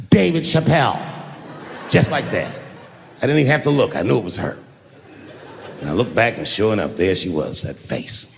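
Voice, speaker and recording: A man's voice: on the low side, creaky, slight background noise. A man doing stand-up comedy, telling stories in a loose, conversational way and acting out other people's voices. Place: theater stage. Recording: live show in a large hall, faint ambience.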